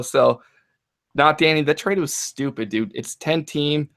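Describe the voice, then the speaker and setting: A man co-hosting a casual fantasy football podcast, ranting in an animated, profane way. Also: fairly high pitch, unhurried. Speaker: podcast co-host.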